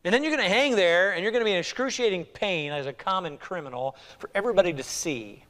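A male pastor preaching a sermon, swinging between hushed lines and loud, dramatic ones. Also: high-pitched, animated, fast talker, long reverb tail. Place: church sanctuary.

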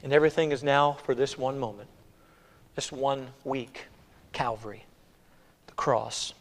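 A man's voice: medium pitch, measured pace. Dramatic preacher man in a reverberant hall. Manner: dramatic, swings between hushed and loud. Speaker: pastor. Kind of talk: sermon. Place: church sanctuary.

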